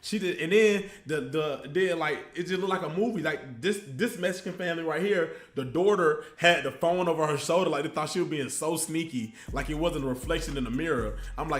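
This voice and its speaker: A man tells a story on his livestream in a loose, slangy, animated way and keeps looping back with asides. His voice sits a little high, and quiet music runs under him. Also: a little fast, hardly any pauses. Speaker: streamer telling a story.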